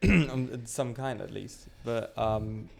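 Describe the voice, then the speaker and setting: A man hosting a casual chat, rambling and halting with frequent restarts and laughing often. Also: medium pitch, gravelly, a little mellow, slight background noise. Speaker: show host.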